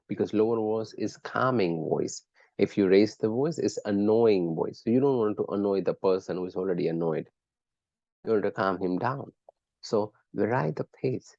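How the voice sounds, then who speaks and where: A man's voice: fairly low pitch, lively intonation, moderate pace, gravelly, dark tone, dry recording, dull audio. A man teaching a live online class, chatting with students and quizzing them by name in an encouraging way. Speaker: lecturer.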